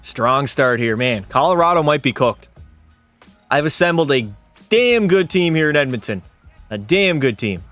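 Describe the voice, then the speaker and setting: A man with a slightly high voice streams a hockey video game and calls the action like a sportscaster. He jokes and swears while answering his chat. Faint music plays under his voice. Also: moderate pace, dry recording. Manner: excitable play-by-play calls, swears and banters with chat. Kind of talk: live gameplay commentary with chat.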